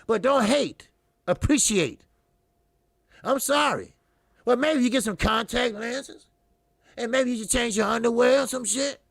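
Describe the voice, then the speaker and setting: A man with a high voice and a heavy gravelly fry rants about boxing as a channel host. He is profane, repeats himself, and mocks as he goes. The sound is dry and close. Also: a little slow, pauses often, no echo. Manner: profane, repetitive, mocking, fiery. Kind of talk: heated commentary monologue.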